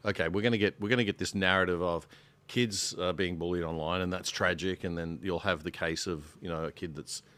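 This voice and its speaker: An Australian man takes part as a guest on a panel podcast, speaking earnestly and with emphasis. His voice sits a little low, and the recording is dry and close. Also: steady tone, brisk, a bit bright, no room sound. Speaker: podcast guest, show host.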